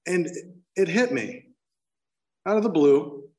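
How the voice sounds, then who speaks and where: A man's voice: high-pitched, animated, slow, dark tone, far from the mic. A man candidly telling his personal recovery story, emotional, with many restarts. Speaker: speaker sharing his story.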